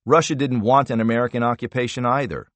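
A man reading a thriller audiobook in measured, expressive narration. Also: medium pitch, no echo.

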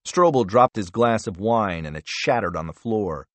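A man narrating a thriller audiobook in a measured, low-key manner. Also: expressive, no echo. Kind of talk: scripted narration.

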